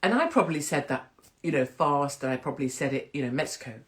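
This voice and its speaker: A woman's voice: low-pitched, expressive, fast. A middle-aged woman chatting candidly to camera, blunt and rambling, swearing freely. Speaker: vlogger.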